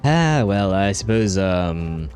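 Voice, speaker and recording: Brief: male streamer, casual live commentary, very animated pitch swings, chatty and jokey. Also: takes it slowly, soft background music. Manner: chatty, laughs often, occasional swearing, sudden bursts. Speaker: livestream host playing a game.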